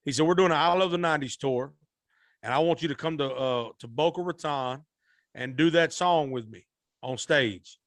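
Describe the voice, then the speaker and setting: On a podcast interview, a musician guest tells a rambling story at normal speed in a voice on the high side with a fairly bright tone and no echo. His Southern-style folksy speech is full of repeats and restarts.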